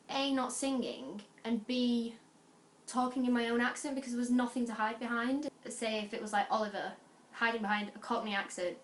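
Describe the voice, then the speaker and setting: A young woman with a northern Lancashire accent talks to camera, bubbly and chatty, tumbling from one aside to the next. Her voice sits at an ordinary middle pitch. She is recorded in a roomy, echoey space with a faint hum of ambience behind her. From North West England. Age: young adult. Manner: chatty, animated, quick asides and restarts. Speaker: vlogger. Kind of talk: casual chat.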